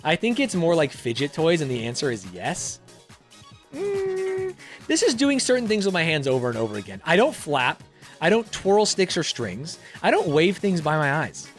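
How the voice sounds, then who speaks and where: Young male content creator, higher voice, expressive, casual and profane quiz-reading commentary. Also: normal speed, faint music behind. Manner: animated, profane, laughs often. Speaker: YouTuber.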